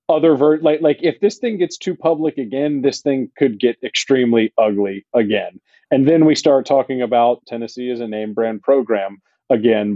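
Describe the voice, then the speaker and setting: A mid-pitched man chats about college football on a podcast, hesitating and filling pauses. His voice comes through a dull, lo-fi mic. The sound is dry, with no room. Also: dark tone, no echo. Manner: halting, many fillers. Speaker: podcast co-host. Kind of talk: casual sports chat.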